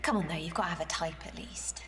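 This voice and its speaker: A woman's voice: fairly low pitch, quick pace, over music, natural voice. An actress playing a curious woman on a blind date, asking probing, lightly teasing questions. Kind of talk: dating game dialogue. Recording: distant game audio.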